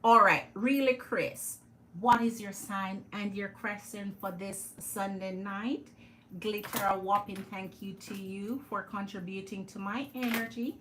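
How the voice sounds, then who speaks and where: A woman's voice: medium pitch, steady tone, a little slow, fairly bright tone, a little hiss or hum, rough recording. A woman with a Jamaican accent hosting a live tarot stream, chatting with her viewers and greeting them by name.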